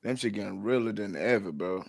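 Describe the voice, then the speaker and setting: A man reacting on a stream, throwing in quick slangy hype interjections. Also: lowish voice, gravelly, a crowd in the background.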